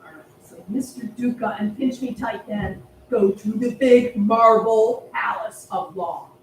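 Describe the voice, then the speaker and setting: Animated woman storyteller at a family service; high voice, far off in an echoey hall. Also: unhurried, a little hiss or hum. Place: temple hall.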